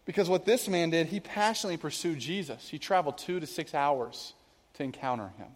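High-voiced male pastor preaching. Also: brisk. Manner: conversational preaching, asks the congregation questions. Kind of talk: sermon. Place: church venue with a cafe. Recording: long hall reverb.

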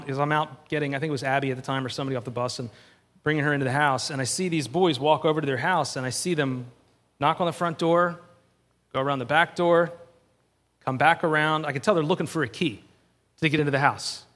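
A middle-aged pastor with a fairly high, bright voice preaches in a large hall. His sermon is conversational and story-driven, and he acts out the voices of those he quotes.

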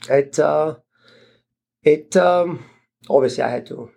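A middle-aged man, a guest landlord, telling a story in casual, rambling talk full of fillers and restarts, jumping higher in pitch when he quotes others. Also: takes it slowly, gravelly. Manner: animated, jumps higher when quoting others.

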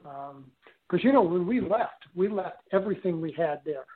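An older man telling a personal story in an interview, speaking haltingly with frequent restarts and fillers. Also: sits high, expressive. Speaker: guest recounting an experience. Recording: tinny phone-line audio.

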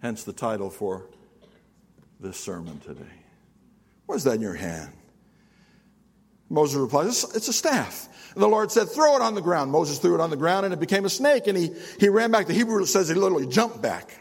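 An older man, a pastor preaching an animated sermon, swinging from loud to hushed and calling on the congregation to answer. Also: fairly high pitch, moderate pace, creaky, long pauses, breathy edge. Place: church sanctuary. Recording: long hall reverb.

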